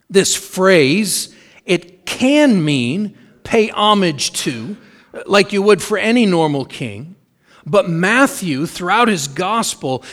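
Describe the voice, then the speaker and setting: A middle-aged man preaching a sermon in an earnest, measured way, repeating key phrases for emphasis. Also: high voice, fairly bright tone. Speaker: pastor.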